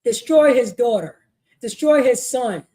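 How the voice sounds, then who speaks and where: High-pitched emphatic New woman preaching. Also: lively intonation, a little slow, dark tone. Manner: emphatic, repetitive, keeps asking "you know what I mean". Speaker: religious law class teacher. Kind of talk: street-style sermon lesson. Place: meeting hall.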